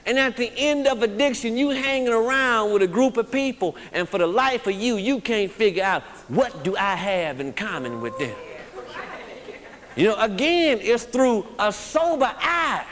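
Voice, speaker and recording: A man's voice: very high voice, normal speed, few pauses, fairly bright tone, a faint crowd. A man speaking to a recovery group, blunt and emphatic, often checking in with the audience. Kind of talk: motivational recovery talk. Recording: long reverb of a hall.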